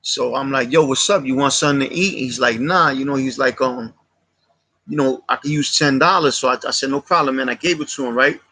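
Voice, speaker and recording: A man's voice: mid-range voice, fairly quick, bright, forceful tone, slightly rough. A man telling a personal street story on his channel, casual and heartfelt, heavy on slang and repetition. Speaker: channel host.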